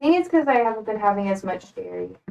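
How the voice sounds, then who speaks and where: A woman's voice: mid-range voice, animated, fast, darkish tone, recorded from a distance, highs cut off, a little hiss or hum. A young American woman chatting casually with her stream while repotting plants, rambling and self-deprecating. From United States.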